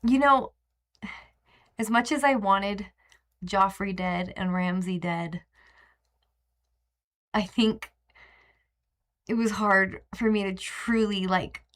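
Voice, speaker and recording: A woman's voice: mid-range voice, slow, long pauses, fairly bright tone. A young woman talking through a live stream recap in a loose, rambling way. She gushes and trails off, filling gaps with ums and little laughs, sounding openly emotional about what she watched. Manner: chatty, rambling, emotional, many fillers. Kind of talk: casual live-stream chat.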